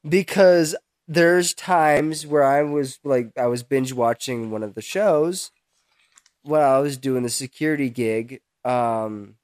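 A young man co-hosting a casual podcast, rambling and halting as he searches for words, with some swearing. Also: medium pitch, darkish tone, clean tone, no room sound, clean studio sound. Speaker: podcast co-host. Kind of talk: casual chat.

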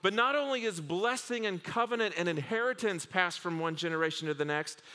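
A man preaching a sermon to a congregation, telling the stories with humor and lively asides. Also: high voice, brisk, smooth. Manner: humorous, animated storytelling with acted asides. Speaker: pastor. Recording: long hall reverb.

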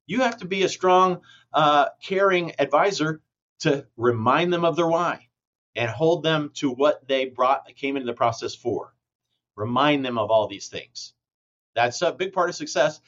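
Male franchise exec, guest on a podcast; emphatic, blunt pep-talk delivery, slightly raised pitch, dull muffled sound. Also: unhurried, a bit bright. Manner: emphatic, blunt motivational speaker. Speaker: franchise company president, guest. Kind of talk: podcast interview answer. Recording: muffled lo-fi audio.

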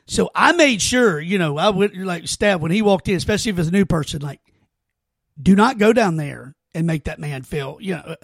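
Podcast host, male, raised pitch, gravelly, dry close sound, earnest rambling storyteller. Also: animated, normal speed, no room sound. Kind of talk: casual heartfelt conversation.

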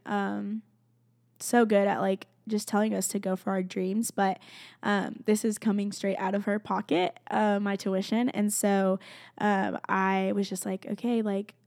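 Young woman, college student, gravelly fry, earnest and heartfelt, filler-heavy casual testimony, emotional. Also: medium pitch, dry recording. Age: young adult. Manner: emotional, close to tears at times.

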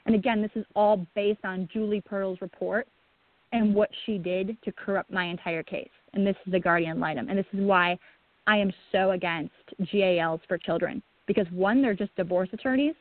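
A woman, a guest on the show, telling a painful personal account in a halting way, with many restarts and a breaking voice. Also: medium pitch, no room sound. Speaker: guest, bereaved mother. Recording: tinny phone line.

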